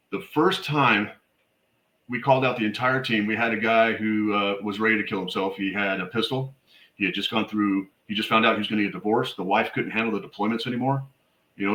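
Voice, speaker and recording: A man's voice: on the low side, pushed and bright, reverberant, poor audio. A middle-aged man, a military veteran and suicide prevention educator, telling stories in a blunt, emphatic way as an interview guest. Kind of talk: conversational podcast interview.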